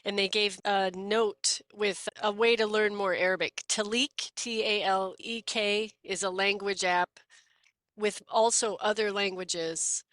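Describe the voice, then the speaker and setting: A woman co-hosting a podcast interview, talking in a lively, chatty and playful way. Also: mid-range voice, a little slow, no room sound. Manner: lively, chatty, playful, does quoted voices. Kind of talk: casual conversational interview.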